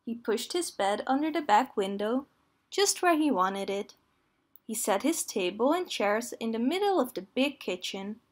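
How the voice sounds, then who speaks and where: A woman with a fairly high voice brings a children's story to life in an animated yet gentle, clear reading. She speaks slowly and without hurry, pitched for young listeners.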